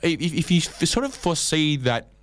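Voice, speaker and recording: A man's voice: fairly high pitch, sing-song, moderate pace, dry recording. A man rambling through a comic monologue with dry, self-mocking asides. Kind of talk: comedic monologue.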